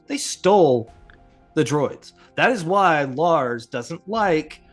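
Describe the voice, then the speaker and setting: A man's voice: a little high, lively intonation, measured pace, faint music behind. A man hosting a casual podcast, rambling with lots of fillers and chuckles. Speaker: podcast host. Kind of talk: casual chat.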